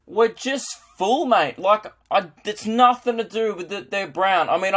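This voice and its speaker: A man's voice: high voice, fairly bright tone, pitched above the performer's own voice. A man voicing a defensive, bigoted Australian bloke with an Australian accent and a drawling, ranting manner.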